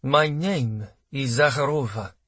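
A man's voice: fairly high pitch, animated, moderate pace, fairly bright tone, husky, dry recording, pitched above the performer's own voice, heavily acted. A man reading an audiobook, voicing a cold, commanding female army colonel with a clipped, hard and contemptuous manner. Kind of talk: audiobook character voice.

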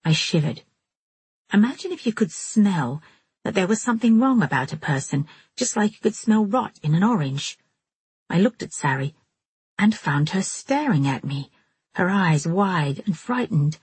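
Audiobook reader, husky low female voice, dry close mic. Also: normal speed, dry recording. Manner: steady, storytelling first-person. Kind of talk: audiobook narration.

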